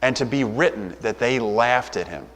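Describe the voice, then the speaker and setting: A man's voice: mid-range voice, lively intonation, moderate pace, a bit bright. A man preaching a sermon as a pastor, speaking in a loose, conversational way and briefly acting out the voices of the people in his story. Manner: conversational, acts out quoted voices. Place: church. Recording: reverberant church hall.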